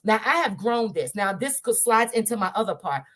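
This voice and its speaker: A woman in her thirties telling a personal faith story to a discussion group, candid and lively, often turning to her listeners. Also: medium pitch, brisk. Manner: animated, conversational, laughs often, addresses listeners directly.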